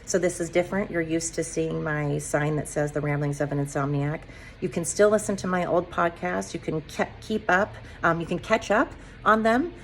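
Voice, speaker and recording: Woman podcast host, low-ish voice, impassioned rambling rant of rhetorical questions, faint background hum. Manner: impassioned ranting with rapid-fire rhetorical questions; rambling, self-described digressive. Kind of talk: solo podcast monologue.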